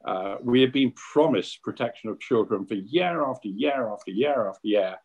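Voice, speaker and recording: A man's voice: mid-range voice, animated, normal speed, darkish tone, slightly rough, muffled recording. Opinionated British man with many fillers. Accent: British English. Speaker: essay contributor at book launch. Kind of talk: online panel discussion.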